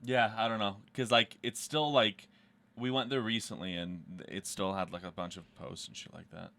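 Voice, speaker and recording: Man, podcast co-host, casual chat, laid-back, bright voice. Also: on the low side, steady tone, normal speed. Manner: laid-back, short agreeing replies, casual swearing.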